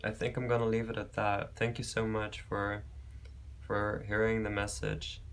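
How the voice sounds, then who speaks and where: Man, tarot reader, gravelly, flat delivery, gentle and affectionate, rambling reassurance. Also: on the low side, moderate pace, a little hiss or hum. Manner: affectionate, calls viewers babe and beautiful soul. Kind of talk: pick-a-card tarot reading.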